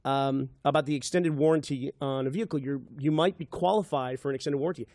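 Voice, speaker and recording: A man imitating a polite woman telemarketer who reads a script with odd little pauses. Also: medium pitch, a little mellow, no room sound, studio quality, close to an everyday voice. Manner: smooth, scripted, oddly paused.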